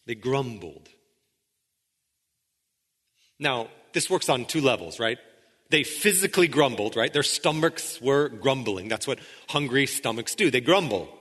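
A man preaching a sermon in a conversational way, with frequent restarts, sometimes dropping into quiet intensity. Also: mid-range voice, big-room sound. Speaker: pastor.

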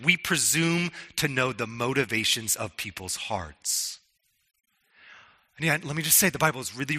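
A man's voice: mid-range voice, bright, forceful tone, slightly rough, in a large hall. A man preaching a sermon in an earnest, conversational way, often restarting his words. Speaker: pastor.

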